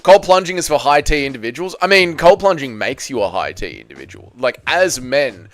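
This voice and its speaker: A young man casually chatting on a livestream, answering chat comments, swearing and breaking into loud excited bursts. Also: mid-range voice, fairly quick, no echo. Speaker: livestream host.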